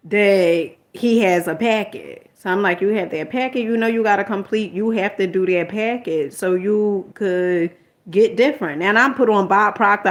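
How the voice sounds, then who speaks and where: A middle-aged woman telling a personal story in a candid, rambling vlog, quoting herself and lecturing in an exasperated motherly way. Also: mid-range voice. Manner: rambling and candid, retells arguments and quotes herself. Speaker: vlogger.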